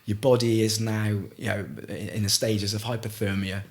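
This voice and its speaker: A middle-aged man from Gloucester, telling a story as a podcast guest in a halting way, with frequent restarts. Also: fairly low pitch, little pitch movement. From Gloucester, England. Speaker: guest, ice swimmer. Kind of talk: casual storytelling in a podcast interview.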